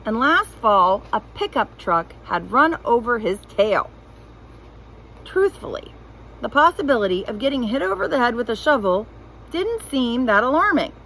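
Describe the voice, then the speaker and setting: A woman reading a children's novel aloud in an expressive, animated storytelling voice. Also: fairly high pitch, moderate pace, slight background noise, poor audio. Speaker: reader.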